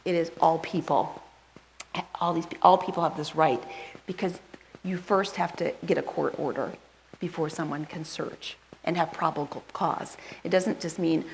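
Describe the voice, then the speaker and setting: A woman's voice: low voice, steady tone, a little hiss or hum, poor audio. A woman pastor, giving a casual sermon and chatting with her congregation as she runs through a list. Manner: chatty, asks the congregation questions; rushes through a list, skipping items. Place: church sanctuary.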